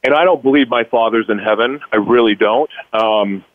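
A man's voice: lowish voice, normal speed, no echo. A man speaks as a radio guest, recounting his past with energy, often slipping into quoting his own younger self. He repeats words as he restarts his sentences. The line is dry and a little muffled, like an old broadcast. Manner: animated, acts out his past self in quotes, stammers on restarts. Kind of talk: emotional personal storytelling.

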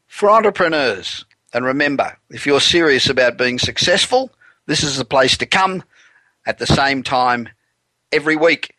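A man's voice: medium pitch, bright, forceful tone, dry recording. A man hosting a business radio show, explaining sales techniques in an upbeat salesman tone. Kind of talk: business talk radio monologue.

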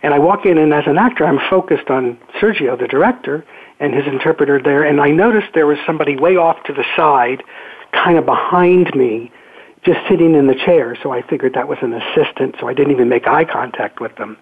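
An older man, an actor guest, telling a story on a call-in interview in a relaxed, halting way. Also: fairly high pitch, slightly rough. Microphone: telephone. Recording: phone-line call-in.

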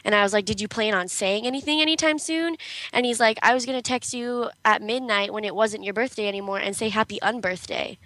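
A woman's voice: fairly high pitch, brisk, a bit bright, no echo, rough recording. A young woman co-hosting a casual talk show, telling a story in a chatty way with many fillers. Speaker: co-host. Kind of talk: casual chat.

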